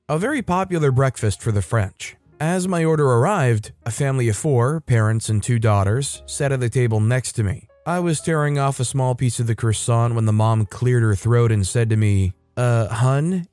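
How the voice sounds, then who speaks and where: A man hosting a story channel, reading online revenge stories aloud in a casual, lively way. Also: medium pitch, dry recording. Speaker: story channel host and narrator.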